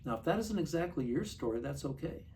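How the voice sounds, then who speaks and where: A man in his sixties giving an earnest personal recovery testimony, confiding and slowing down for vivid details. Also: fairly high pitch, expressive, a little mellow. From Montana. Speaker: recovery speaker. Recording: distant mic, faint room noise.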